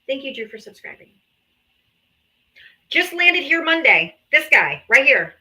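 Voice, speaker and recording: A woman's voice: high-pitched, sing-song, measured pace, bright, forceful tone, low-quality recording. A woman hosting a political livestream, combative and taunting, calling out viewers to come up and talk. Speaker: livestream host.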